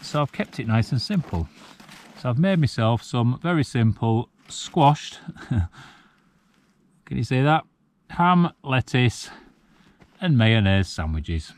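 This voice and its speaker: A man in his forties from the UK talks to his camera while wild camping on a cold mountaintop at night. His voice is mid-pitched and relaxed, and he reflects aloud with an easy chuckle now and then. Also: slow, pauses often, dry recording. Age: 40s. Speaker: solo wild camping vlogger. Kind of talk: casual chat to camera.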